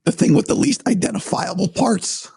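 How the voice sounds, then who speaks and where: Hoarse, breathy man with high raspy voice. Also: animated, normal speed, a little mellow, no room sound. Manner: thoughtful, hedging. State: hoarse after vocal cord surgery. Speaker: sports broadcaster. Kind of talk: casual podcast chat.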